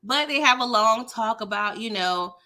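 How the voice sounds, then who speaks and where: Bright-voiced woman doing a chatty live recap. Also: fairly high pitch, moderate pace. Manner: animated, chatty, talks straight to viewers; laughs often while talking. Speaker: host of a live show recap. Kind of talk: casual live recap chat.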